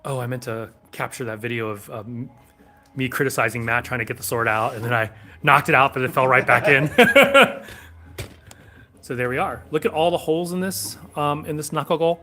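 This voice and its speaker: A medium-pitched man talks briskly over a slight hiss or hum. He's in a back room livestreaming for a sword shop, casually wandering from topic to topic and fielding questions from chat.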